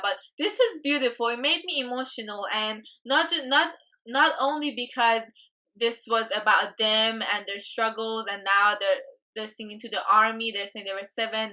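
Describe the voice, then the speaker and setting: A woman's voice: fairly high pitch, pushed and bright. A young woman reacting to a music video as a YouTube host, chatty and gushing with emotion.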